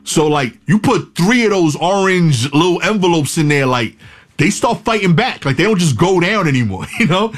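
A man telling a comic personal story, animated and building suspense through repetition. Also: a little high, moderate pace, dry recording, studio quality.

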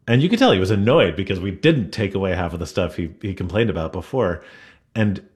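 A man with a very low, deep voice who talks reflectively in a radio interview. He tells long stories at an unhurried, thoughtful pace. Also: expressive, a little mellow. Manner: reflective, storytelling. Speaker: restaurateur guest. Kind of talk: interview conversation.

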